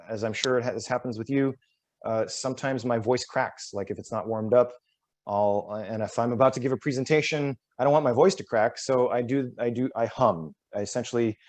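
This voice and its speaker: Male workshop presenter, mid-pitched, relaxed and self-deprecating, demonstrating vocal drills on a video call. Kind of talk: voice warm-up demonstration.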